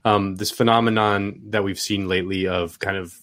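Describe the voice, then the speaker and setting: A man's voice: deep voice, fairly even intonation, moderate pace, fairly bright tone. A man hosting an interview, asking curious, rambling questions with many restarts. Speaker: host. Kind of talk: political interview.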